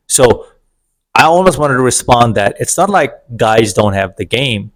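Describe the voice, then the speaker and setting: A man's voice: mid-range voice, animated, unhurried. Guy vlogging about his dating life, sarcastic, keeps going off on tangents. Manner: sarcastic, opinionated storytelling with digressions. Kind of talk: casual monologue to camera.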